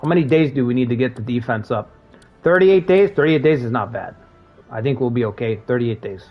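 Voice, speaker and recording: This streamer sounds mid-range, expressive and quick, on lo-fi audio with faint background music. He chats easily over his game, sharing stories from work, cursing freely and laughing along.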